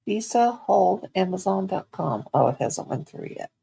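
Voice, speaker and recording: A woman's voice: mid-range voice, very animated, moderate pace, vocal fry, dark tone, slight background noise. A woman chatting casually at home on her livestream, talking to herself and cooing at her pets in baby talk. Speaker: livestream host.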